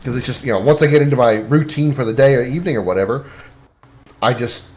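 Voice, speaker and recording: A man's voice: medium pitch, fast, a little mellow. A man streaming a game, chatting casually and rambling with lots of restarts. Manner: rambling, many restarts and fillers. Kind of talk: casual chat while gaming.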